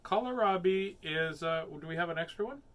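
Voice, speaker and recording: A man's voice: high-pitched, moderate pace, fairly bright tone. A man hosting a children's book reading show, chatting in a playful, silly, rambling way before reading picture books aloud.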